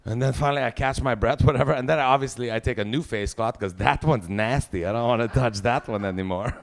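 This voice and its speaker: A man's voice: mid-range voice, fairly quick, gravelly. A man doing live stand-up, telling a crude, self-mocking story peppered with swear words. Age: 40s. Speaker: stand-up comedian.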